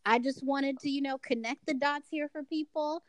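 A woman's voice: high-pitched, fairly even intonation, moderate pace, no room sound, low-quality recording. A woman co-hosting a casual podcast, teasing her co-host playfully and laughing often.

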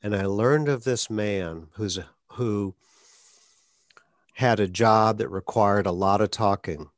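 A man's voice: lowish voice, takes it slowly, no echo, studio quality. Man hosting a stuttering interview. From Atlanta, Georgia, US. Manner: stutters, speaks plainly and personally. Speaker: podcast host.

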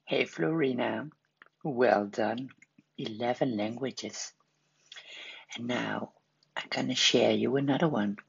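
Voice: medium pitch, takes it slowly, gravelly, long pauses, husky. A caller leaving a friendly message for a podcast host. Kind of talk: recorded call-in message. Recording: dull lo-fi call recording.

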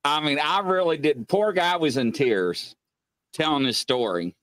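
A man's voice: on the high side, expressive, a little slow, a bit bright. A man, hosting a casual live-stream chat and telling funny stories. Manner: joking storyteller, laughs often. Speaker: show host.

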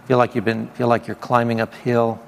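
His mid-range voice is completely flat and a little fast, with vocal fry, and there's a little hiss or hum on the track. He preaches and gives prophetic words to a meeting in a casual manner, laughing and repeating praise, during informal charismatic ministry in a church hall with long reverb and faint background ambience.

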